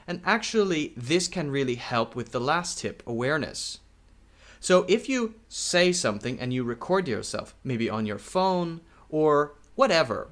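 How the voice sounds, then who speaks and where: A male English teacher talks through a video lesson at an easy, deliberate pace. His voice sits in a middle register but rises and falls in a lively way. He repeats key words and often stops to check in with "okay?". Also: mid-range voice. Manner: slow, repetitive, checks in with "okay?".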